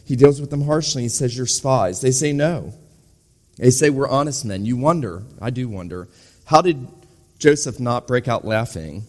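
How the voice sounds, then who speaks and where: In a reverberant hall, an older or middle-aged preacher delivers an earnest sermon explaining scripture, rising to urgent emphasis. His voice is mid-range and he speaks at normal speed.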